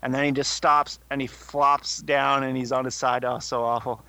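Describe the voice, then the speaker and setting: A man's voice: medium pitch, level tone, normal speed, pushed and bright, clean tone. A young man co-hosting a podcast, telling a rambling story full of swearing. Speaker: podcast co-host. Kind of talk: casual chat.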